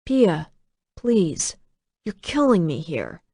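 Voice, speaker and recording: A woman voicing a commanding male dragon lord who speaks in a quiet, controlled way. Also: lowish voice, lively intonation, takes it slowly, no room sound. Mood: coaxing. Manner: quiet, controlled, turns coaxing.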